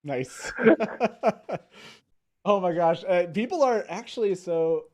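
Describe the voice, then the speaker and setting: Man, host of a live call-in show, slightly high voice, chatty and quick to laugh. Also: animated, crowd noise. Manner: laughs often, quick asides.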